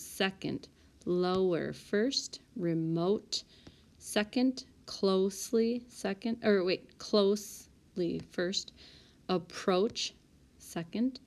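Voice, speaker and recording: A woman teacher talks through a spelling list in an unhurried, deliberate way. Her voice sits a little low, and she pauses to correct herself as she sorts words. It sounds like a recorded lesson for a classroom group. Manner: calm, methodical, corrects herself aloud. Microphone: tablet microphone.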